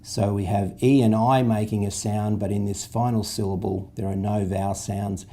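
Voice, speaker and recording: Dark-voiced man teaching phonics. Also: fairly low pitch, level tone, moderate pace. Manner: patient, step-by-step instructional delivery. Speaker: literacy teacher. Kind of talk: phonics lesson explanation.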